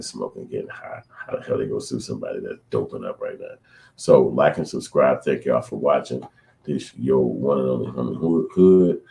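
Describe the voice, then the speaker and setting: Gravel-voiced man, very deep. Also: a little mellow, slight background noise. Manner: loose, rambling, slangy talk. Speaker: channel host. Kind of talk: casual reaction commentary.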